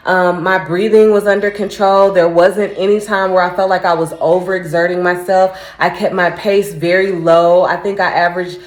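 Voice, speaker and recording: Low-voiced woman vlogging in an echoey room. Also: steady tone, moderate pace, few pauses. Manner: reflective, candid, frequent fillers. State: just back from a run. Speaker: vlogger training for a first half marathon. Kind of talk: casual chatty vlog.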